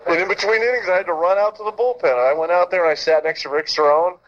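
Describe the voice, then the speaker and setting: A man's voice: a little high, fast, slight background noise. Middle-aged guy telling baseball stories, acts out the quotes, swears a lot, muffled lo-fi sound. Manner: animated storyteller, acts out quotes, swears freely. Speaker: former pitcher telling stories. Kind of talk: casual storytelling chat. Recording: dull lo-fi sound.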